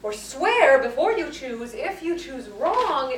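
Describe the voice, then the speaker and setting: A woman playing a poised, witty young noble lady in a stage performance of a classic verse drama, in measured, formal speech. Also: high voice, big pitch swings, a little hiss or hum, full character voice. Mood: composed. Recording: roomy hall from a far camera.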